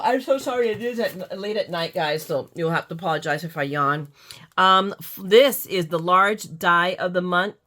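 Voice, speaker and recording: A woman's voice: fairly low pitch, bright, forceful tone. A middle-aged woman vlogging casually as she unboxes craft supplies, gushing and exclaiming as she talks and often restarting her sentences.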